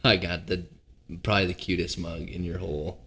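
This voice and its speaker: A man in his thirties from Seattle, a guest on a casual podcast, relaxed and self-mocking and quick to laugh. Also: sits low, husky. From Seattle, United States.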